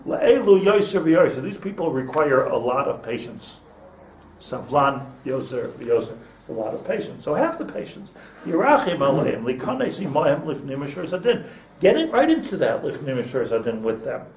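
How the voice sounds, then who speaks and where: An older man, a rabbi, holds an informal, chatty class for a small group, drifting among stories and Hebrew vocabulary. His voice is slightly high and swings widely in pitch at a normal speed. Sound comes through a distant mic in an echoey room with a little noise.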